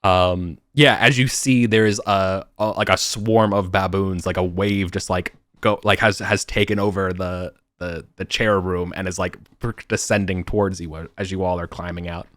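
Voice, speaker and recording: A man narrating as game master over a voice call, halting and full of fillers. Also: deep voice, steady tone, fairly bright tone, no echo, clean studio sound. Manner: halting, many fillers and restarts. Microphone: computer mic on voice call.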